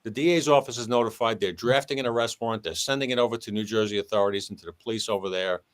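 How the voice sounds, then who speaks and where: A man's voice: on the low side, rapid-fire. A man, a former police sergeant, telling a long story in conversation and acting out the voices of the people in it. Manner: animated, acts out dialogue with shifting voice.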